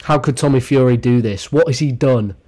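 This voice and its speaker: A man's voice: medium pitch, a little fast, dark tone, soft background music. A young man doing a comedic gossip rant as a YouTube commentator, sarcastic and crude with mock-dramatic outbursts.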